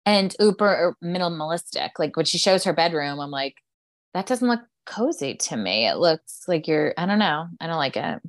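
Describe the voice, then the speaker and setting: A woman co-hosting a casual chat podcast, talking in a relaxed way with lots of fillers. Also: deep voice, moderate pace. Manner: conversational, filler-heavy, playful. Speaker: podcast co-host.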